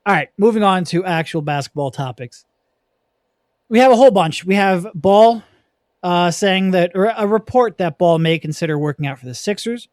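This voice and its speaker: A young man hosting a casual sports podcast, chatty and quick with asides, laughing easily. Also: high voice, darkish tone, no echo, clean studio sound. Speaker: podcast host.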